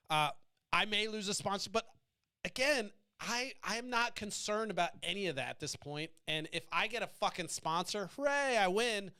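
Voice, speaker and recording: A man's voice: high voice, sharp tone, clean tone, dry recording. An American man hosting a podcast, talking in a blunt, defiant, freely swearing monologue. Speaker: podcast host. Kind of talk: casual profane monologue.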